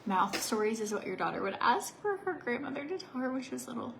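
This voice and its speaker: A woman's voice: a little high, very animated, fast, gravelly, a bit bright, a little hiss or hum. A young adult woman, a beauty vlogger chatting casually while doing her makeup, now and then dropping into a whisper. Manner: chatty, sometimes drops to a whisper. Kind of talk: casual get-ready-with-me chat.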